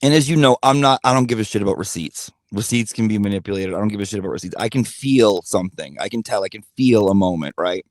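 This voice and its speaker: A man with a lowish voice rants straight at his regular viewers in casual commentary. He swears freely and hammers his points by repeating them. The sound is dry and close. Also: animated, fast talker, hardly any pauses, dry recording. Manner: blunt, profane, repetitive emphasis; talks directly to his audience. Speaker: commentary channel host.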